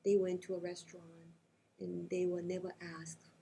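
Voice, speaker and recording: A woman researcher speaking in a conversational interview, talking in animated quick bursts with frequent hesitations. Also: fairly low pitch, gravelly, poor audio. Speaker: invited lecturer being interviewed. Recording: faint background noise.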